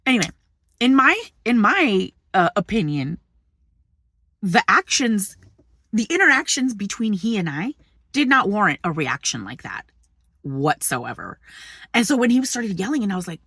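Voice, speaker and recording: Animated woman ranting in a truck. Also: medium pitch, moderate pace, husky, dry recording, studio quality. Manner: animated, indignant retelling with profanity. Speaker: vlogger. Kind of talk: casual storytelling vlog. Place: inside a parked truck.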